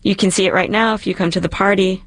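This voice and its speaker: A woman voicing a bold, provocative teenage girl who speaks with calm confidence, in a spoken-word story over music. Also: medium pitch, quick pace, no room sound, lightly acted. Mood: coaxing. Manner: confident, commanding.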